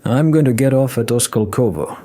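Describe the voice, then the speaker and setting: A man's voice: medium pitch, a little fast, dark tone, pitched above the performer's own voice, close to an everyday voice. A man voicing a polite, talkative male train passenger with an ominous edge and an oddly formal way of speaking.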